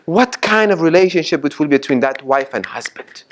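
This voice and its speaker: A man preaching with a somewhat high voice, pressing each point and repeating it again and again. He puts questions to his listeners and recites Arabic sayings before he explains them, speaking as a sheikh in a mosque hall. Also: expressive, a little fast, hardly any pauses. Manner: emphatic and repetitive, asks the audience questions. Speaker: sheikh giving a Ramadan lecture. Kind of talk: sermon.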